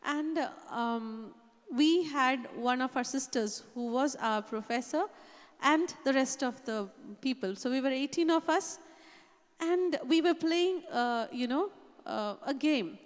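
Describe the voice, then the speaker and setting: A woman's voice: sits high, slow. A woman preaching, telling a personal story earnestly and often saying "you know". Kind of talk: sermon testimony. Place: church hall. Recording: long reverb of a hall.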